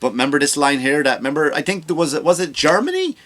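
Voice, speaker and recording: A man's voice: fairly high pitch, big pitch swings, fast talker, fairly bright tone. A man hosting a comedy podcast, ranting sarcastically about politics with profanity and rhetorical questions.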